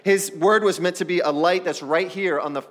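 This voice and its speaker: A man's voice: high-pitched, moderate pace, a bit bright. A man preaching a sermon as pastor, talking straight to the congregation in a conversational way. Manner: acts out the people in the story.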